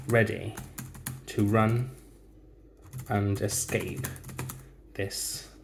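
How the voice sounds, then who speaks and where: A man with a fairly low voice who teaches by dictating a story one careful word at a time, speaking every comma and full stop aloud. He talks slowly while typing at a keyboard. Faint noise sits under the recording. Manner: slow, deliberate dictation, speaking punctuation aloud.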